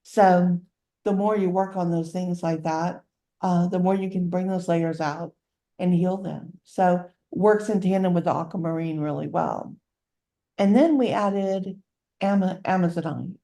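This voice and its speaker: Mellow Southern woman co-host. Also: lowish voice, steady tone, a little slow, creaky. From Louisiana. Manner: playful, laughs often, drawls for fun. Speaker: podcast co-host. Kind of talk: casual chat.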